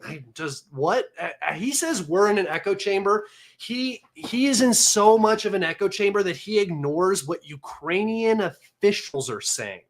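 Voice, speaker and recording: A man hosting a livestream, talking in a mocking, sarcastic and combative way, excitable and a little manic. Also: sits high, a little slow. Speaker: livestream host. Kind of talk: casual livestream commentary.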